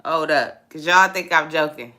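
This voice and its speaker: A woman in a casual vlog, talking emphatically about faith in an animated, preachy way. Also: low-pitched, moderate pace, slight background noise. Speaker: vlogger.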